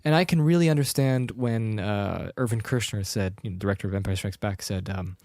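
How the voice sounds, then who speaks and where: A young man co-hosting a podcast, retelling a film in casual chat with quick impressions. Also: on the low side, a little mellow, no echo, clean studio sound. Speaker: podcast co-host.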